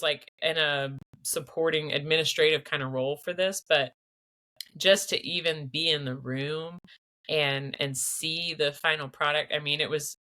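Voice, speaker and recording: A woman's voice: low voice, bright, forceful tone. A woman hosting a podcast interview, talking in an enthusiastic, chatty way. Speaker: podcast host. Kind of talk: casual interview.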